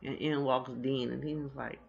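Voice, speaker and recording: A man casually recapping a TV episode, profane and slangy, with quick offhand asides. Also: medium pitch, flat delivery, creaky, breathy edge, highs cut off. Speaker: TV episode reviewer.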